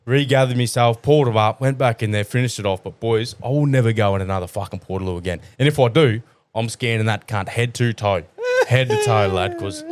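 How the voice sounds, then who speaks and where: A man's voice: fairly low pitch, brisk, slight background noise. An Australian tradesman co-hosting a casual podcast, telling crude stories full of swearing. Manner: crude, swearing, animated storyteller. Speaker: podcast co-host.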